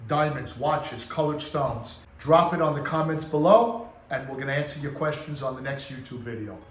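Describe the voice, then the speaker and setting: A man with a mid-range voice hosts a storytelling vlog as a jeweler, telling an anecdote and animatedly acting out what people said. The room is echoey with faint ambience, and there's a little hiss or hum.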